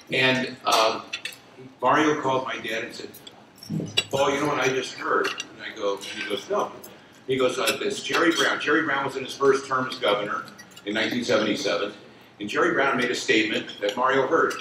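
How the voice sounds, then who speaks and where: A man's voice: mid-range voice, background noise. Older guy in his 60s rambling thru a story at a dinner, far off in an echoey hall, dishes clinking. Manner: rambling, conversational, many fillers and restarts. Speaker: lawyer telling a story at an association event. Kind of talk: spoken reminiscence to an audience. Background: clinking cutlery and dishes.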